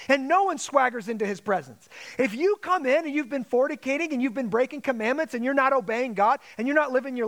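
A man's voice: very high voice, fairly bright tone. A man preaching a Sunday sermon as pastor, with dramatic emphasis and quoted asides.

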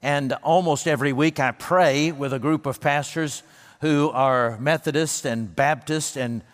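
A man preaching a sermon as pastor, earnest and emphatic, slowing down and lifting his voice for the words he quotes. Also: a little high, big-room sound.

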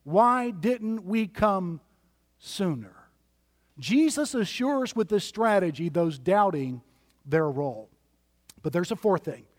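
A man with a high voice preaches a sermon in an emphatic, list-driven way. His words ring out with a long reverb from the church sanctuary around him. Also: expressive, slow pace. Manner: emphatic preaching with repeated lists. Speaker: pastor.

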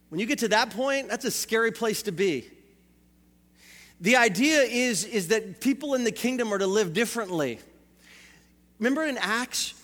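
A man with a strikingly high voice preaches a sermon to his congregation. He asks rhetorical questions and repeats phrases for emphasis. His voice carries a long echo through a big church hall. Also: a bit bright. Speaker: pastor.

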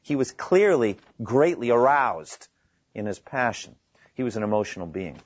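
A man preaching a sermon in a conversational, animated way, acting out scripture quotes with his voice rising high. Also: normal speed, no echo, muffled recording.

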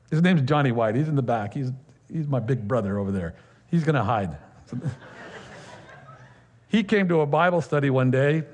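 Male pastor, conversational sermon delivery, animated and chatty, slightly high pitch. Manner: conversational and animated, with laughter and many fillers.

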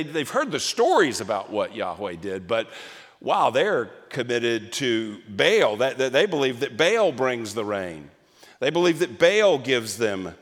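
A man preaching a sermon as pastor, emphatic and animated, with frequent restarts, in a church. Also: medium pitch, long reverb tail.

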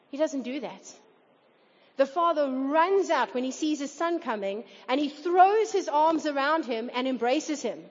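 In a church hall, a woman with a high voice preaches a sermon to her congregation at normal speed. Her tone is earnest and she sometimes acts out quoted voices, captured in a dull, reverberant hall recording.

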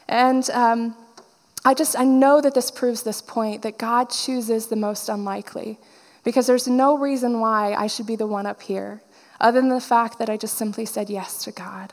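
A woman's voice: fairly high pitch, fairly even intonation, moderate pace, big-room sound. A woman preacher giving a personal testimony sermon, telling her story and acting out the dialogue.

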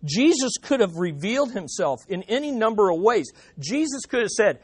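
Emphatic preacher with a lively voice. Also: male voice, sits high, moderate pace, hardly any pauses, slightly rough. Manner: emphatic, repeats key phrases for effect; quotes imagined voices with dramatic swings in loudness. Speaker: pastor. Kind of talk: sermon.

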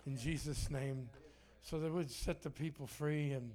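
A man's voice: a little high, fairly even intonation, normal speed, darkish tone. A man preaching a sermon in a church, joking and self-deprecating, with frequent restarts. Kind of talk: sermon with humor. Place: church sanctuary.

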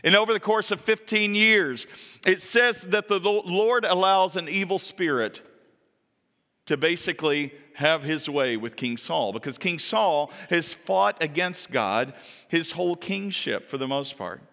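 A man preaching, retelling a story with lively emphasis. His pitch leaps up and his voice grows louder when he acts out characters' words. His forceful, bright tone rings out in a hall with a long reverb. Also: measured pace. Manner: animated storytelling, acting out quoted lines with sudden high pitch. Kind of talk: sermon.

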